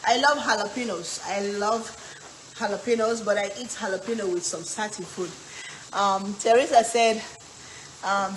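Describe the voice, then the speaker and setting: A woman's voice: medium pitch, normal speed, a little hiss or hum. A woman from Africa, hosting a live cooking stream, chatting and reading viewer comments while she cooks. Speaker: cooking livestream host. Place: home kitchen. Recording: echoey kitchen with frying sizzle. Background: frying and stirring sounds.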